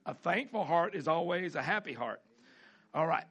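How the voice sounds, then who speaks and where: A male pastor preaching a sermon, animated, jumping between a loud delivery and mimicked whining voices. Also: normal speed, breathy edge, highs cut off. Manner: animated preaching with dramatic pitch swings and mimicked complaining voices.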